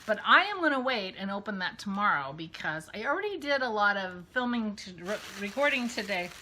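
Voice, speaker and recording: A woman hosting a casual vlog, chatty and excitable, gushing as she talks. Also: mid-range voice, brisk, a little hiss or hum. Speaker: podcast host. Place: outdoors walking a dog, then indoors.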